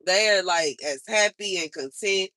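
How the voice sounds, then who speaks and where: A woman's voice: mid-range voice, unhurried, pushed and bright, no echo. A young woman hosting a livestream, venting in a frustrated, repetitive and emphatic way. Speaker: livestream host.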